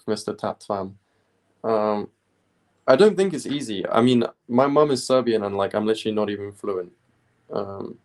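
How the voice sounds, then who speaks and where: A young man from the UK chatting casually on a study live stream, rambling with many pauses and fillers. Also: medium pitch. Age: young adult. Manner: relaxed, rambling, many ums.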